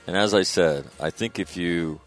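A man's voice: deep voice, moderate pace, soft background music. A middle-aged man telling stories about his late father in a casual, rambling way, full of fillers and restarts. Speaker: guest recalling his father. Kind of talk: casual spoken storytelling.

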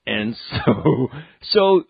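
Man, radio host, casual rambling chat, lively pitch, husky voice, dull lo-fi sound. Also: very slow, no room sound. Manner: rambling, jokey, acts out quotes.

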